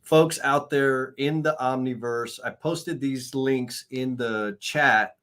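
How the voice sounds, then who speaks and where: A man's voice: mid-range voice, a bit bright. Upbeat man hosting a live stream. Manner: upbeat and hyped, addresses the audience.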